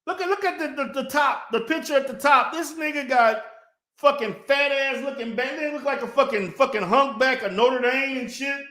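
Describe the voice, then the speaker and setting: A man's voice: extremely high pitch, normal speed, sharp tone. A man ranting in a response video, profane and mocking, heated and insulting. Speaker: online commentator. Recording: echoey room.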